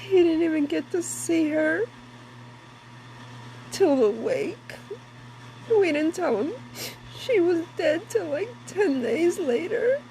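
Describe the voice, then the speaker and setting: A woman's voice: very high-pitched, very animated, slow pace, long pauses, dark tone, a little hiss or hum, poor audio. A grieving mother tells of a dream through tears, her voice breaking as she halts and repeats herself. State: crying. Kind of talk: tearful personal account.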